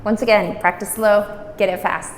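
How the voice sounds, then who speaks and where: A woman teaching a language lesson, patiently saying words slowly and repeating them for practice. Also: medium pitch, fairly even intonation, slight background noise. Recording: roomy echo, distant mic.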